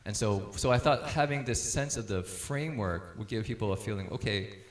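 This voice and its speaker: A middle-aged man gives a casual talk on raising children, his voice sitting a little low. He tells stories with easy laughter and acts out what people said. The room around him rings with echo. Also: brisk. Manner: relaxed storyteller, laughs easily, acts out quotes. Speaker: speaker on parenting.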